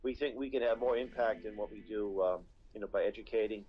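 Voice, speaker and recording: A man's voice: on the low side, a little fast, highs cut off. Earnest man explaining on a radio interview. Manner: earnest, rambling with many restarts. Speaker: guest, constitution educator.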